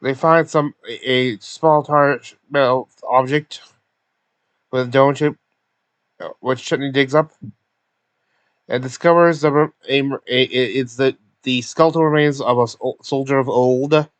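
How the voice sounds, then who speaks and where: A man's voice: medium pitch, fairly even intonation, measured pace, no echo. A man casually recapping a tabletop game session, stumbling over words with many fillers and restarts. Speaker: recap narrator.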